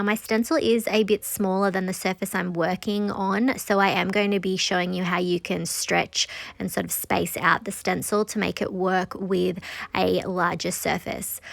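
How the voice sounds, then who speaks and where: Woman, craft tutorial host, congested and nasal, creaky edges, dry close voice-over. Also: mid-range voice, no room sound. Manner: calm step-by-step explaining. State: nasal from sinus trouble.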